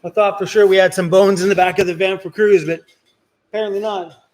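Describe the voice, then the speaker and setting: Van-life host, male, high-pitched, joking, easygoing live-stream chat. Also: little pitch movement, brisk. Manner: chatty and self-joking. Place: inside a van.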